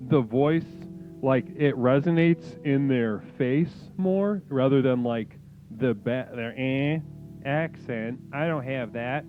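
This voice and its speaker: A man's voice: mid-range voice, takes it slowly. A man with a Chicago accent hosting a comedic call-in stream, rambling and stammering over repeated words. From Chicago area, US. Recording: tinny phone-like audio, faint music.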